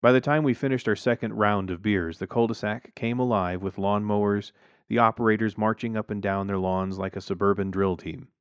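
A man's voice: fairly low pitch, steady tone, a little fast, smooth, no room sound. A man narrating a first-person story with wry, dry humor.

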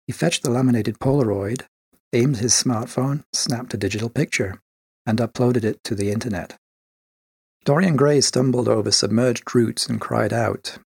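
A man narrates a story in a husky, slightly breathy voice. He sits at a mid pitch and keeps a measured, even pace. The recording is close and dry. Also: dry recording. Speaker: story reader. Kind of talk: scripted narration.

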